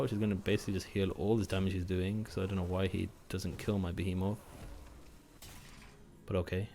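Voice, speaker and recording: Gaming host, a man with a lowish voice, thinks out loud, loose and self-mocking, faint hiss behind. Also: fast talker, creaky. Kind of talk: casual gameplay commentary.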